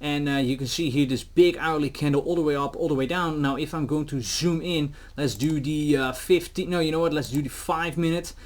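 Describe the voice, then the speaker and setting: Male trading commentator, slightly high pitch, chatty, filler-heavy delivery. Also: brisk, few pauses. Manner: animated, acts out officials in quotes, many fillers. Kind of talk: casual market commentary to camera.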